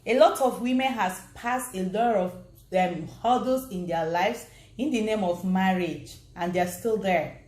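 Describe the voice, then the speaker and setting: A woman with a Nigerian accent talks earnestly to her viewers, repeating her points and checking in with them often. Her voice sits at a middle pitch. The sound rings with a roomy echo. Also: unhurried, a little mellow. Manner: earnest, repetitive, addresses viewers directly. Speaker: vlogger. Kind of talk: casual motivational talk to viewers.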